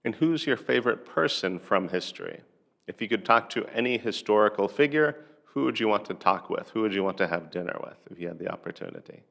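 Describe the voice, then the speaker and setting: A man teaching a lesson, asking a listener practice conversation questions one at a time with steady pauses. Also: lowish voice, creaky. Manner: measured, pausing between questions. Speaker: English teacher.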